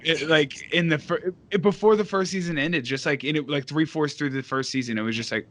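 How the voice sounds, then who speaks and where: Bright chatty guy hosting a podcast, kinda high voice, laughs a lot, light hiss behind. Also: fairly quick, hardly any pauses. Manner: rambling, laughs often, lots of "like". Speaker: podcast host. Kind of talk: casual chat.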